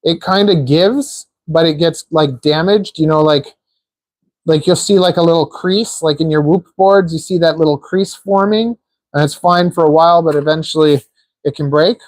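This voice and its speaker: A man's voice: on the high side, moderate pace, darkish tone, no echo. A man hosting a live stream, chatting casually and joking while he assembles small parts, rambling with lots of filler words. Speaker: livestream host building a drone.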